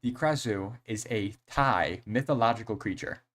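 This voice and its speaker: A young man streaming a horror game, chatting casually in an excitable, rambling way full of slang and fillers. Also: lowish voice, normal speed. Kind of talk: casual live-stream chat.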